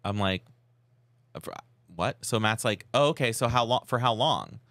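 Man, podcast co-host, animated pitch, dry close sound, casual storytelling. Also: normal speed, no room sound. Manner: animated storytelling, mimics quoted texts. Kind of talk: casual chat.

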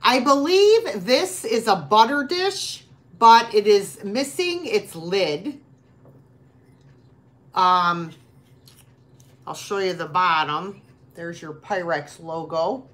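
Slow-talking woman hosting a live sale. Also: medium pitch, expressive. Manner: chatty, laughs easily, talks with mouth full. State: runny nose. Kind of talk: casual live selling chat.

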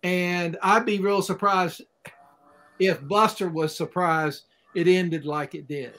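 Guest expert from Oklahoma, man with a high voice, drawn-out folksy talk. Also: steady tone, a bit bright. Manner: unhurried, folksy imagery. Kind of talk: casual chat.

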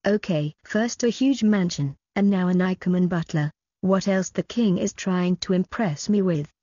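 A woman's voice: fairly low pitch, moderate pace, mellow, dry recording, lo-fi sound, close to an everyday voice. A woman reading as a casual, blunt teenage girl. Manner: casual, outspoken.

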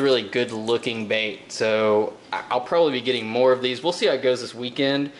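A man chatting casually as he unboxes fishing gear, relaxed and rambling, with lots of fillers and repeated words. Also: mid-range voice, slight background noise. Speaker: fishing vlogger. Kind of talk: casual tackle unboxing talk.

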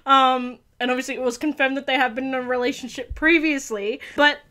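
A young woman with a high, bright-sounding voice hosts a reaction video. She gushes and chats in an excited, emotional way, laughing and tearing up easily as she comments. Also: a little fast.

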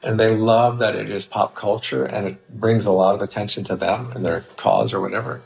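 A man's voice: on the low side, little pitch movement, fairly quick, gravelly, darkish tone. An older man, a guest comedian, telling anecdotes in a podcast interview over a video call, with many fillers.

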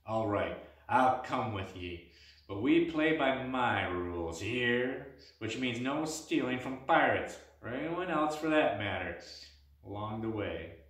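A man voicing a spirited young tavern girl who talks briskly and bossily, with old-style turns of speech like "ye". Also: medium pitch, lively intonation, fairly bright tone. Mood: bossy. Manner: brisk, bossy, uses old-style "ye" and "me mum". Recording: echoey room, mic at a distance.

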